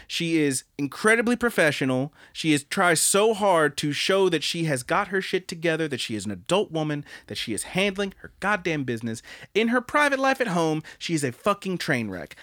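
Male podcast co-host, higher pitch, dry sound, excitable and profane. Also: normal speed, dry recording. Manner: excitable, swears a lot, gushing. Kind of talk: casual chat.

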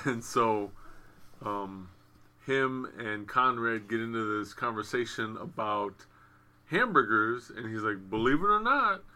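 Bright-voiced casual podcast co-host man. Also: medium pitch. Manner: loose, profane storytelling with lively quoted asides. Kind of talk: casual chat. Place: home studio with wrestling on TV behind. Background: faint TV ambience.

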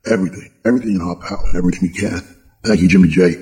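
A man's voice: low voice, fairly even intonation, very fast, mellow, lightly acted. A man voicing a flustered male president in a prank-call spoof, rambling and repeating himself.

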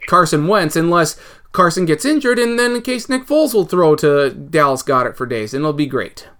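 A man co-hosting a casual sports podcast, rambling and animated with mock outrage at rival teams. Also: fairly high pitch, normal speed, clean tone. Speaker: podcast co-host.

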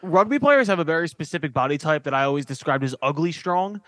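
A man's voice: a little high, animated, fast talker, fairly bright tone, no room sound. A man bantering on a podcast, joking and slangy, calling everyone dude. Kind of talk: casual chat.

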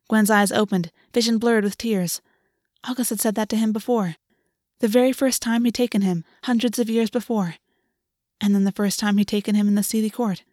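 A woman narrating a fantasy novel in a measured, steady reading voice of middling pitch. The sound is dry and close, with no room echo. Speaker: audiobook narrator. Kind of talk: scripted narration.

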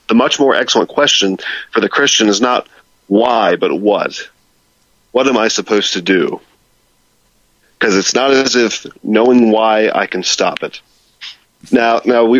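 Low-voiced man, dull dry sound. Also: a bit bright, no echo. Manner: repeats words while building a point. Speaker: co-host. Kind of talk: casual theological discussion.

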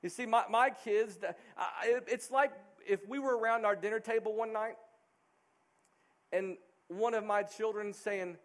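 A man's voice: high voice, fairly even intonation, measured pace. A middle-aged male pastor preaching a sermon, earnest and emphatic.

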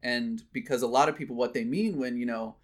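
A man's voice: medium pitch, brisk. Earnest man in casual conversation. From United States. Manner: earnest, thoughtful, many restarts.

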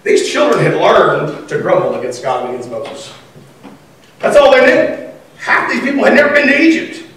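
A man with a high voice preaches a conversational sermon and slips into the voices he quotes. He sounds distant, caught by a mic well away from him. A strong echo fills the room. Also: wildly swooping pitch, normal speed, noisy background. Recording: echoey room from far off.

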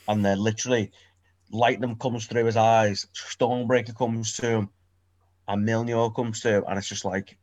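A young man, co-hosting a casual podcast chat and telling stories with sweary, excited energy. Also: on the low side. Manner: animated, sweary, excitable storytelling. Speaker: podcast co-host.

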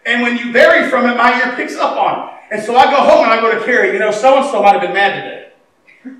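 A middle-aged man preaching a sermon as pastor, telling stories, acting out dialogue and swinging between loud and hushed. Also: very high voice, fast. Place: church sanctuary. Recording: echoey church hall, mic at a distance, faint noise.

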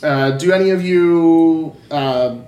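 A man's voice: on the high side, takes it slowly, a little mellow. A man narrating a tabletop game as game master, loose and full of ums. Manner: loose, many ums and restarts. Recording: echoey room, faint noise.

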